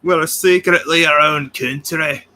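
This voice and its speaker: A man putting on a scheming Scottish man in a mock Scottish accent, gruff and conspiratorial. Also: on the high side, fairly even intonation, unhurried, sharp tone.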